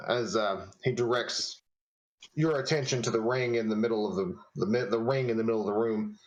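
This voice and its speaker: A man's voice: fairly low pitch, brisk, low-quality recording. A man narrating a tabletop game as game master, casual and rambling, searching for words.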